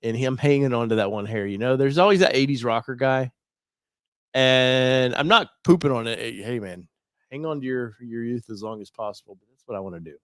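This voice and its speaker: A man's voice: medium pitch, brisk, fairly bright tone, smooth, no echo. Teasing, rambling man host, dry sound. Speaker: show host. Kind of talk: casual live-stream chat.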